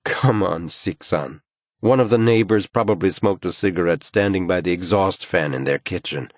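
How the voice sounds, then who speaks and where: Audiobook figure: a patronizing, irritable husband, read by a man in his own low voice, dry sound. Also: moderate pace, no room sound, lightly acted. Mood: dismissive. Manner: patronizing, brushing things off. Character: irritable, dismissive adult husband.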